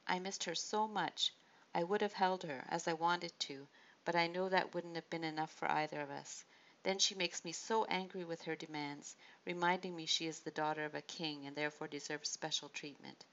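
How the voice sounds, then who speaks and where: A woman narrator voicing a proud adult male king who speaks firmly and in measured tones. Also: low voice, steady tone, a bit bright. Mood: exasperated. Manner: firm, measured. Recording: dull lo-fi audiobook recording.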